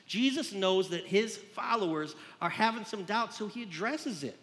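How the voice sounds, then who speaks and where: A man's voice: high-pitched, expressive, moderate pace, hardly any pauses, fairly bright tone, in a large hall. A man preaching a sermon as a pastor, earnest and conversational as he talks the congregation through scripture.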